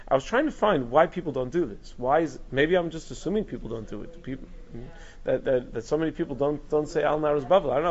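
A man's voice: medium pitch, lo-fi sound. A man teaching a Torah class, thinking aloud with frequent restarts and asides. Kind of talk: recorded Torah lecture.

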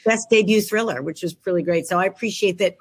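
A woman's voice: medium pitch, fast, breathy edge. A middle-aged woman with a Philadelphia accent, an author chatting over a laptop video call from her home work room in a jokey, self-mocking way. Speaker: author guest. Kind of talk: casual chat.

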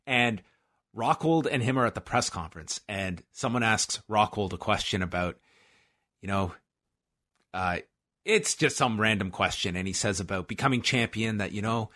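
A man's voice: lowish voice, moderate pace, pushed and bright. Rambling man co-hosting a podcast. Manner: rambling, jokey storytelling. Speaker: podcast co-host. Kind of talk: casual podcast chat.

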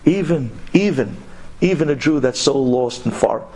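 A man telling a story to an audience, animated and addressing his listeners directly. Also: medium pitch, moderate pace, slightly rough. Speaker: speaker.

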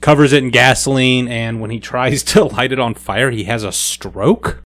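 A man hosting a casual movie podcast, recapping a film plot in an animated storytelling way. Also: medium pitch, moderate pace.

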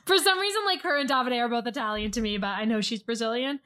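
Woman, high voice, co-host, casual recap chat, quick storyteller, laughs easily. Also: bright, forceful tone. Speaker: podcast co-host.

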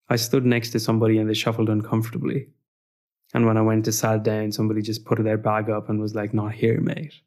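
A man's voice: fairly low pitch, darkish tone. A young man in casual conversation, telling personal stories with humor and frequent "like" fillers.

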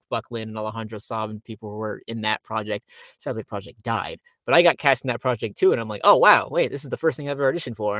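A man's voice: medium pitch, a bit bright, no echo, clean studio sound. Chatty young man telling stories. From Florida. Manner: chatty, loose storytelling with many fillers. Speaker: voice actor guest. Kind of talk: casual interview.

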